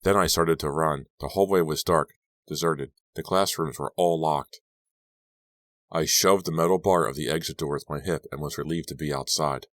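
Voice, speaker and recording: A man's voice: very deep voice, moderate pace, a bit bright, no echo. A man narrating a horror novel in first person, in a tense, dramatic storytelling manner. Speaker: audiobook narrator.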